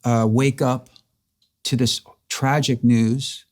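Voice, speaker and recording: A man's voice: mid-range voice, flat delivery, slow pace, a little mellow. A man earnestly recounting a personal story in a casual chat, acting out the dialogue. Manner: earnest, emotional, re-enacts dialogue. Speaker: interviewer.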